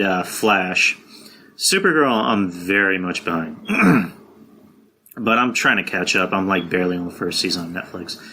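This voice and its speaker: Bright-voiced young man hosting a podcast. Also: on the low side, slight background noise. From San Antonio, Texas. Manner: rambling, swears, frequent fillers and restarts. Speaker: podcast host. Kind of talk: casual solo podcast chat.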